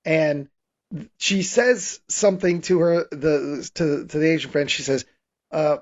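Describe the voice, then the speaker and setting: A man's voice: fairly high pitch, unhurried. Podcast host, male, slightly raised voice, rambling casual recap, muffled lo-fi sound. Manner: rambling recap with frequent restarts and laughs. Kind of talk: casual movie recap chat.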